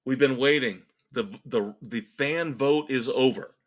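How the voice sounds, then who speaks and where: Slow, sarcastic man ranting. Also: mid-range voice. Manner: sarcastic, exasperated, emphatic. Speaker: podcast host. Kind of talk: opinionated solo rant.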